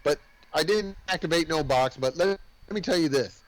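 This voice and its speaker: A man's voice: fairly high pitch, normal speed, dry recording, close to an everyday voice, rough recording. A man voicing a frightened young woman who pleads insistently. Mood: pleading.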